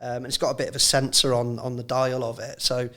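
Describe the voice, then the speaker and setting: A man's voice: mid-range voice, level tone, quick pace, sharp tone. An English man, a former football physio, chatting casually on a podcast and telling stories about players with a laugh. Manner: chatty, storytelling, laughs at own anecdotes.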